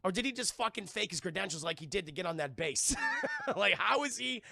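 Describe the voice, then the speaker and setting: Brief: young male streamer, bright gravelly voice, excitable and profane, dry close mic. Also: high-pitched, fairly quick, no room sound. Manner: excitable, profane, acts out scenes in loud yelps. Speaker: film reviewer streaming live. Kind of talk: casual profane film recap.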